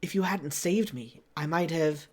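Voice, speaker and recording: A man's voice: fairly high pitch, unhurried, a little mellow. A man voicing a snarling male mercenary with a put-on French Canadian accent, as a voiced reading of a game's dialogue. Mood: grateful. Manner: gruff, snarling delivery.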